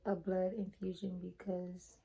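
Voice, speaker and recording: Mellow-voiced young woman telling a story. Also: lowish voice, a little slow, creaky, husky, rough recording. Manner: chatty, addresses viewers as "y'all", animated retelling. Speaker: vlogger. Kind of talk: casual storytime vlog.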